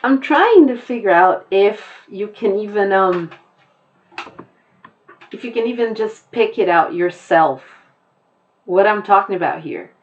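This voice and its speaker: A woman with an American accent teaching a lesson, explaining deliberately and repeating her key points. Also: medium pitch, animated, muffled recording.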